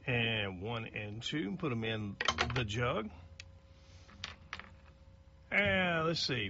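A man's voice: a little high, dull audio, noisy background. A middle-aged man, a local radio host reading out birthday announcements in a folksy, chatty way that stumbles over names.

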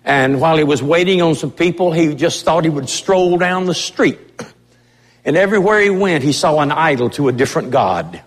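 A man's voice: fairly high pitch, lively intonation, moderate pace. A man preaching a sermon as pastor of his church, in an impassioned, emphatic way. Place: church sanctuary. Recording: long reverb of a church hall.

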